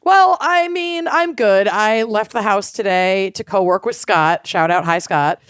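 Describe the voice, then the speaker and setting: A woman's voice: mid-range voice, a little slow, fairly bright tone, clean tone, no room sound, studio quality. Chatty, enthusiastic woman podcast co-host. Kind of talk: casual chat.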